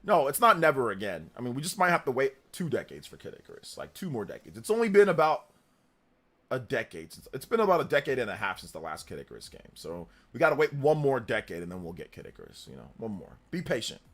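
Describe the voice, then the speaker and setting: This livestream host has a medium-pitched male voice and talks quickly and animatedly. He chats casually, reads viewers' chat messages aloud, thanks them, and laughs a lot.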